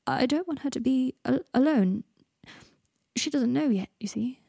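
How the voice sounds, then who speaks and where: Lady putting on a weary wry young guy in a storybook, husky, close dry sound. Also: on the high side, fast, warm tone, no echo. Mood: subdued. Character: frail, wry young man facing death.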